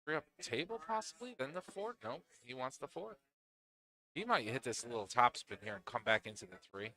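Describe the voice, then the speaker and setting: A man's voice: medium pitch, animated, fairly quick, pushed and bright. A man with a Northeastern Pennsylvania accent giving chatty live commentary on a pool match, often laughing and restarting his phrases.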